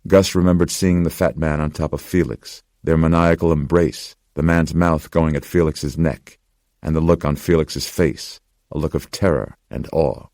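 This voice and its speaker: Very deep gravelly male narrator. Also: fairly even intonation, normal speed, darkish tone, dry recording, studio quality. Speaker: audiobook narrator. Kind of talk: scripted horror narration.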